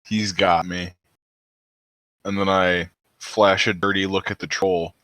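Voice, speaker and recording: A man's voice: sits low, little pitch movement, slow, pauses often, fairly bright tone, no echo. A man playing a tabletop game with friends, bantering and laughing often. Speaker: player. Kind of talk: casual tabletop play. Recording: online voice chat.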